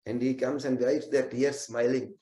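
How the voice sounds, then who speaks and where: A man's voice: mid-range voice, fairly even intonation, moderate pace, mellow. Male devotional storyteller, earnest, recites verses, mid voice, echoey room. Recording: roomy echo.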